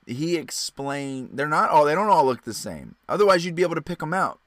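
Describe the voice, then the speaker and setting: A man's voice: on the high side, sing-song, a little fast, a bit bright, no echo, clean studio sound. A man co-hosting a movie podcast, hedging his points and teasing his co-hosts. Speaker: podcast co-host. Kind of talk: casual chat about a movie.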